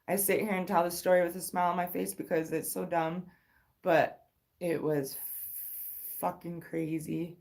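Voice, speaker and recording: A woman's voice: lowish voice, level tone, normal speed. A woman in her thirties telling a personal story on a casual livestream, candid and rambling, full of swearing and restarts. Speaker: livestream host.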